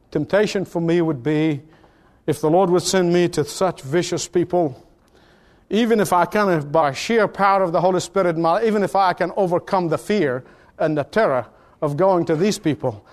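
High-pitched guy preaching, emphatic, keeps repeating lines louder and higher. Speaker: pastor. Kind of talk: sermon.

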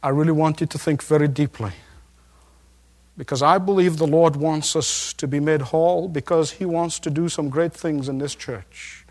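A man's voice: a little high, fairly even intonation, normal speed, darkish tone. A male pastor preaching a sermon, driving his points home with repeated questions and rising intensity.

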